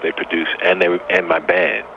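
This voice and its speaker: A laid-back man in his fifties with a very low, deep voice, chatting easily as an interview guest. His voice comes over a dull, lo-fi line. Steady noise sits clearly behind him. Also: moderate pace. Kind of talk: casual interview chat.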